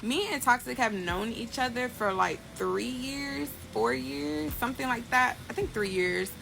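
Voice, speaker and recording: A woman's voice: on the high side, measured pace, vocal fry, music in the background. A woman chatting casually to camera about her life, rambling with lots of fillers. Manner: rambling, many fillers, giggly. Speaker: social media poster.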